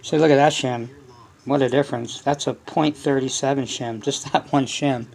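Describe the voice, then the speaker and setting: A man's voice: medium pitch, steady tone, normal speed, creaky, a little mellow. A man hosting a hobby channel, giving a casual, rambling workshop explanation full of fillers. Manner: rambling, loose, many fillers.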